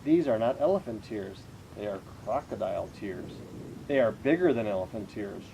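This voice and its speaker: A clever, boastful storybook detective who exclaims eagerly and spells out each deduction, as a man reading aloud puts him on. The voice jumps up and down in pitch and stays mellow and warm. Faint noise sits behind it. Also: lively intonation, creaky, low-quality recording. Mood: excited. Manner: eager, exclaiming, deliberate reasoning. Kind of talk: reading a children's picture book aloud.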